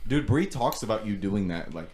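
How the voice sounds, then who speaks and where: A young man bantering on a podcast, blunt and teasing. His voice is lowish but swings around a lot, and a clear murmur of people can be heard behind him. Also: animated, normal speed, a loud crowd. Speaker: podcast co-host. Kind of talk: casual chat.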